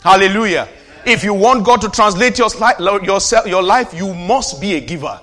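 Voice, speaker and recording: A pastor preaching a sermon in a high-pitched, ringing voice. He moves between loud declarations and hushed, personal asides, pulling the congregation in with call-and-response. His tone is bright and keen throughout. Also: animated, moderate pace.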